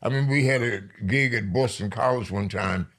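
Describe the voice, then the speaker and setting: An older man from New York, a poet being interviewed, telling stories in a lively way and slowing down for emphasis. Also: medium pitch. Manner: lively storyteller, slows down for emphasis. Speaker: poet guest. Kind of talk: storytelling interview.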